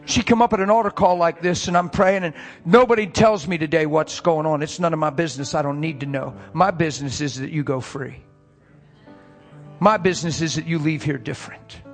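A man preaching a sermon, telling a story that swings from hushed, soft passages to loud, straining, emotional preaching. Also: a little high, moderate pace, soft background music.

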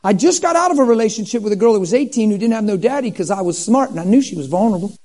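A man in his fifties telling his life story in a sermon, animated and acting out what people said. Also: high-pitched, very fast, poor audio. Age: 50s. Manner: animated storytelling, acts out quoted dialogue. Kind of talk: sermon testimony.

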